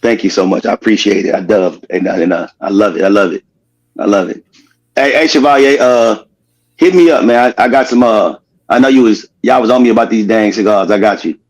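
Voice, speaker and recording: A man's voice: lowish voice, brisk, poor audio. Laughing, playful man. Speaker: cigar brand owner. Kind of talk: casual interview chat.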